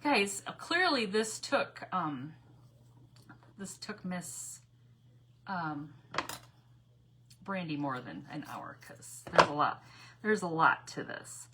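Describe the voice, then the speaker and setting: A woman's voice: lowish voice, very animated, slow pace, long pauses, background noise. A woman chatting casually while crafting on a livestream, rambling, repeating herself and reading out viewer comments as she works. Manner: frequent self-corrections and repeated phrases.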